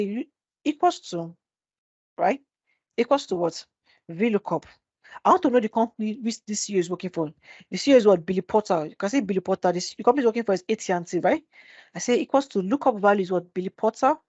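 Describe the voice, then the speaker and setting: An Excel instructor leads a live screen-share spreadsheet class through a computer mic, repeatedly asking rhetorical questions and answering them herself. Her voice is mid-range and a little mellow. The webinar audio is dry, dull and slightly muffled, with no room sound.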